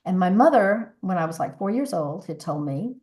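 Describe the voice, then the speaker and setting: On the low side and a little mellow, her animated voice keeps a moderate pace; she's a voice coach in her sixties appearing as a podcast guest. In this conversational interview she speaks earnestly and reflectively, often restarting sentences.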